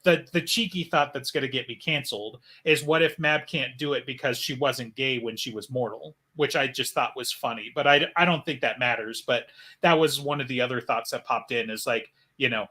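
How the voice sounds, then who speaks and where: Bright-voiced man on a fan podcast. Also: mid-range voice. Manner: rambling, lots of fillers, speculative. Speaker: podcast co-host. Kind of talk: casual podcast chat.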